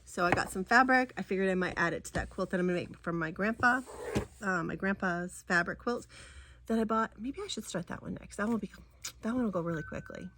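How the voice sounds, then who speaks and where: A fast-talking middle-aged woman with a medium-pitched voice gushes over her crafts in a casual cross-stitch vlog, full of ums and restarts, against a noisy background.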